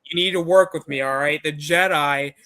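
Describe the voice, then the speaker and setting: A man's voice: a little high, normal speed, pushed and bright. A man casually imitating an irritated male villain who talks in a blunt, exasperated way. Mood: annoyed.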